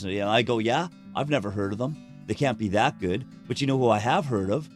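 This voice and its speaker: Casting note: male podcast guest, blunt and swearing, lively anecdotes, faint music underneath. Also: fairly low pitch, brisk, few pauses. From Canada. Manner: candid, profane, animated storyteller who acts out quotes. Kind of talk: casual conversational storytelling.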